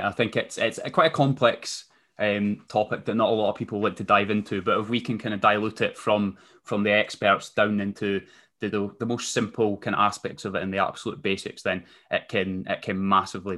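A man hosting a podcast, relaxed and friendly, pausing often with ums. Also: fairly low pitch. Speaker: podcast host. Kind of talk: casual podcast interview.

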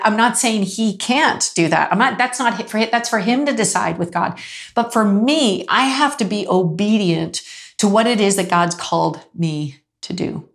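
A woman preaching in a relaxed conversational way, telling stories, acting out the people she quotes and laughing now and then. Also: mid-range voice. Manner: animated storytelling, acts out quoted voices, laughs often. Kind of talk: conversational sermon with storytelling.

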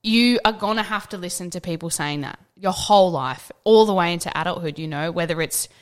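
A young adult woman with a fairly low voice talks a little fast, chatting earnestly as a podcast co-host. She tells stories with animation, acting out the people in them through quotes and swearing casually along the way.

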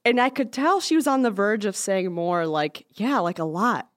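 A woman co-hosting a podcast, telling stories in a playful, animated casual chat. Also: medium pitch, normal speed, dry recording, studio quality. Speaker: podcast co-host.

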